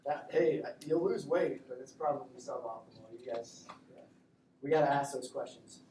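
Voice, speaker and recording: A man teaching a classroom lecture in a joking, conversational way, acting out quick exchanges with patients. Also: mid-range voice, distant mic, noisy background. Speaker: instructor. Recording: echoey classroom recorded from afar.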